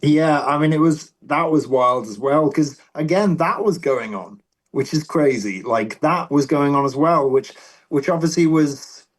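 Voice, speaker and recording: A man's voice: on the high side, measured pace, rough recording. A British man, a musician guest, talking casually, rambling with many restarts. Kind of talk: casual interview chat.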